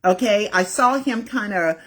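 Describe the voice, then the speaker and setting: A woman's voice: medium pitch, measured pace, a bit bright. A woman telling a personal story in a casual, chatty way, often tagging on "right?" and "okay". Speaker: independent journalist.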